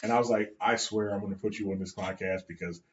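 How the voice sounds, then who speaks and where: A man co-hosting a casual podcast chat as a jiu-jitsu coach, blunt and profane, getting loud when he is worked up. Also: lowish voice, steady tone, quick pace. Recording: dull lo-fi sound in an echoey room.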